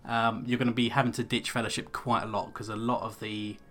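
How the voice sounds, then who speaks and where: A man's voice: on the low side, a little fast. A man hosting a let's play, chatting casually and mocking himself as he comments on the game. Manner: relaxed, self-mocking, with fillers.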